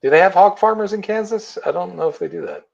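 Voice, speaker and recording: A man's voice: sits high, fast, gravelly, dull audio, background noise. Easygoing man in podcast chat. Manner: easygoing, hesitant, restarts sentences. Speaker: podcast co-host. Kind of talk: casual podcast banter.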